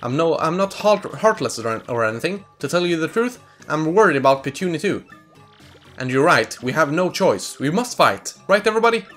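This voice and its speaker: A man's voice: on the high side, sing-song, fairly quick, fairly bright tone, faint music behind. A Swedish man voicing a stubborn, proud young male bug creature from a game, huffy and defiant, reading in English. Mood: grudging.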